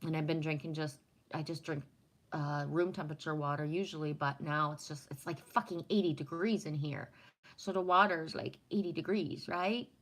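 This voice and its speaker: A woman's voice: deep voice, steady tone, normal speed, rough recording. A woman from Canada chatting casually on a livestream, rambling and swearing freely while reading and answering comments. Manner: profane, rambling, talks to chat. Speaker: livestream host.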